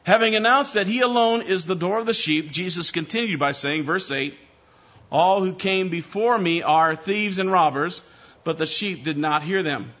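A man's voice: high voice, moderate pace, fairly bright tone, dull audio. A man preaching an expository sermon, emphatic and direct, calling his listeners beloved and asking for amens.

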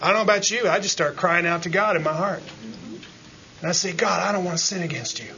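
A high-pitched man preaching with a very bright, forceful edge, his voice swinging from low, quiet asides to loud, climbing pleas, checking in with "Amen?" along the way. The recording is dull and lo-fi with a faint hiss beneath it. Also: fast talker. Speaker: pastor. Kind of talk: sermon.

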